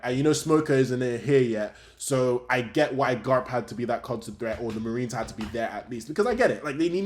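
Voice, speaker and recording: A young adult man, chatting casually and excitably as host of a fan review talk show, often laughing. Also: medium pitch.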